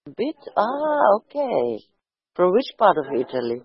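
A woman with a lowish, husky voice speaks a little slowly but with lots of animation over a dull-sounding line. She's a hesitant, curious chat participant in a casual conversation, repeating words and asking questions.

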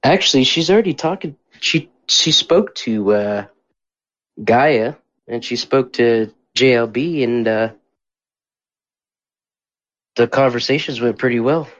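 A man's voice: medium pitch, lively intonation, slow pace, long pauses, a bit bright, no echo. A man hosting a casual group call, easygoing and prompting the others to talk. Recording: dull lo-fi call audio.

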